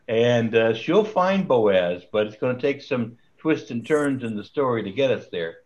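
A man's voice: mid-range voice, expressive, measured pace. A man leading a casual Bible study over a video call, rambling with restarts and chuckling at his own jokes. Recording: slightly dull video call audio.

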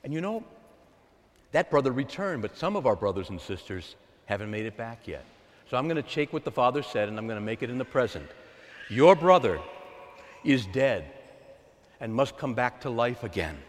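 A man preaching a sermon as a pastor, calling out to the congregation in an animated, call-and-response way. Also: medium pitch, moderate pace, pauses often. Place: large church. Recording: echoey church hall with long reverb.

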